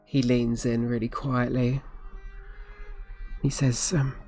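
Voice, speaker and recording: A woman narrating a tabletop horror game as game master, calm and measured. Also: very deep voice, faint music behind.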